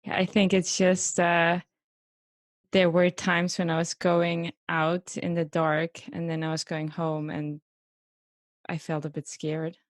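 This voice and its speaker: A woman's voice: lowish voice, level tone, takes it slowly, no echo, clean studio sound. A woman taking part in a guided exercise, answering questions briefly and tentatively. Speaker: participant in the exercise.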